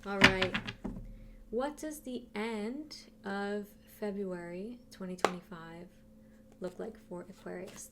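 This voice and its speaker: A woman's voice: mid-range voice, slow, heavy background noise. A woman giving a casual tarot reading who talks straight to her viewers and thinks aloud as she turns the cards. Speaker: tarot reader.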